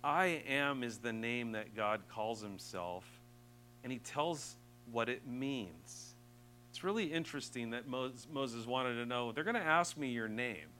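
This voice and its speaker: A man preaching a sermon, earnest, rising to emphatic peaks and dropping soft and slow. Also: mid-range voice, lively intonation, slight background noise, low-quality recording.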